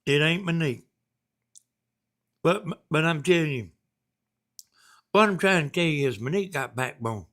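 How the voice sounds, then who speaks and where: A man's voice: a little high, expressive, moderate pace, pauses often, a bit bright. Folksy Southern man chatting on a live stream. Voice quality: folksy, rambling, chuckling. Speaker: live stream host reading viewer messages. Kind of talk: casual live stream chat.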